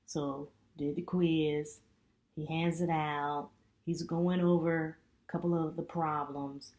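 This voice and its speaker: A middle-aged woman vlogging as a student, telling a chatty, animated story full of asides. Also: sits low, slow pace. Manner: chatty, animated retelling with lots of "you know". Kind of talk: casual storytelling vlog.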